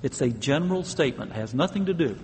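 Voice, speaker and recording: A man's voice: medium pitch, animated, fast talker, long reverb tail, slight background noise. A man preaching a sermon, earnest and emphatic, stressing key words and now and then laughing.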